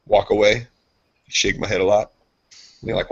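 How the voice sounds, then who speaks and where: A man with a husky voice tells loose, rambling stories on a casual podcast, and he acts out every voice in them. The audio sounds dull and lo-fi. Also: fairly low pitch, flat delivery, moderate pace, fairly bright tone. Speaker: podcast co-host. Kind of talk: casual chat, storytelling.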